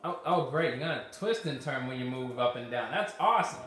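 Exasperated gamer man yelling at a game. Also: mid-range voice, animated, fairly quick, very echoey, faint music behind. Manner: frustrated, swearing, yelling at the game. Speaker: gaming YouTuber. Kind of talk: let's play commentary.

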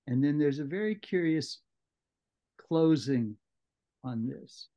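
A man leading a book club discussion, explaining a novel in a measured lecturing way, on muffled audio. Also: fairly high pitch, expressive, dark tone. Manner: measured, explanatory, with occasional restarts. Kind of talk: literary lecture.

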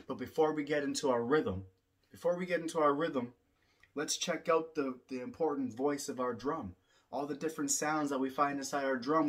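A man's voice: medium pitch, moderate pace, a bit bright. A man teaching about the drum in a rhythmic spoken-word style, repeating lines like a chant. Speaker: poet and drummer. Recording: drum music playing throughout.

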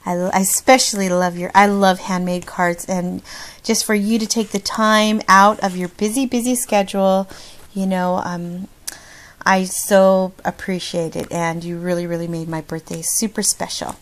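A woman's voice: fairly low pitch, steady tone, moderate pace. A middle-aged woman chatting casually in a craft vlog, bubbly and gushing, laughing often. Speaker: craft vlogger. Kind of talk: casual chat.

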